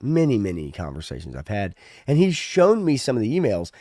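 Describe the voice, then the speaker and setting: A man's voice: on the low side, huge pitch swings, a little fast, darkish tone, dry recording, clean studio sound. A man co-hosting a casual podcast, talking in a loose, ranting way with plenty of swearing. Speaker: podcast co-host. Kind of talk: casual chat.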